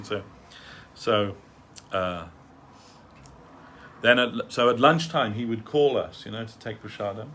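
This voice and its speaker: A man's voice: fairly low pitch, takes it slowly, pauses often, fairly bright tone, slight background noise. A man telling a rambling, chatty anecdote during a devotional talk in a temple hall, laughing at his own story. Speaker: speaker giving a devotional talk.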